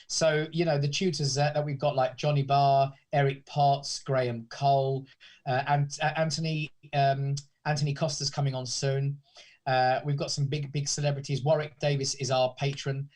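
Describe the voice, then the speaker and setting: A man's voice: medium pitch, little pitch movement, moderate pace, darkish tone. A man from the UK, a guest in a casual interview, talking in a rambling way with many restarts. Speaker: guest, pantomime academy founder.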